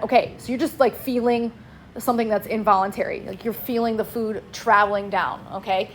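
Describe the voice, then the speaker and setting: A woman's voice: mid-range voice, steady tone, brisk, slight background noise. A woman teaching a class in a casual, chatty way, prompting students to answer back. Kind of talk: classroom lecture.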